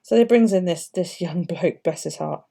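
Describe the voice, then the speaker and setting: A woman's voice: lowish voice, moderate pace, vocal fry, mellow. A middle-aged woman with an English accent, chatting casually and swearing freely while she works on her bullet journal and tells stories.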